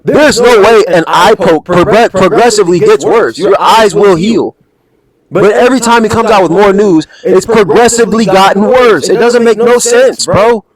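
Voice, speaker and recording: A man hosting a reaction video with casual, animated, slang-heavy commentary that keeps breaking into laughter. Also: high-pitched, moderate pace, over a noisy crowd, poor audio.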